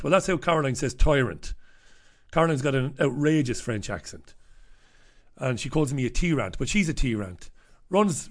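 A middle-aged man hosting a live stream, chatting casually in a blunt, profane, rambling way. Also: medium pitch.

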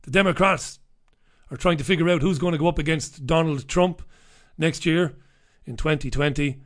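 A man runs a casual talk radio monologue, his voice sitting a little higher than most men's. He is sardonic and offhand and chuckles between asides. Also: normal speed, a bit bright. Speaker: radio show host.

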